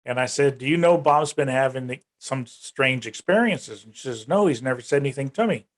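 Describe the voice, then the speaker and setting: A man's voice: animated, a little fast. A man guest on a podcast interview, telling a long personal story in a casual way and lifting his voice to act out what others said. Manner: retells events in long runs, raising his pitch to act out quoted speech. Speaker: UFO research organization director, guest.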